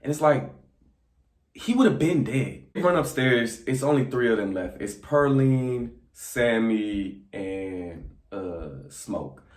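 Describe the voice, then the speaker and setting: A young man casually recapping a movie, acting out the characters' lines in quick voices. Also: medium pitch, expressive, darkish tone. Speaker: movie reviewer. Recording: echoey room.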